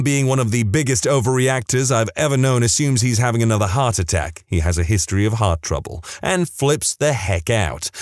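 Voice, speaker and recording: A man narrating stories read aloud from online posts, with expressive ups and downs and his own amused asides. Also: medium pitch, dry recording, clean studio sound. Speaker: story narrator.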